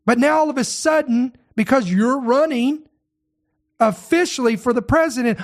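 A man's voice: very high voice, animated, measured pace. A man who leads a ministry, hosting an online show and delivering impassioned, indignant commentary full of rhetorical questions.

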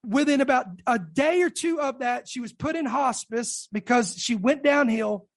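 A woman's voice: high-pitched, moderate pace. A woman preacher giving a fervent sermon testimony, emphatic and calling out to her congregation.

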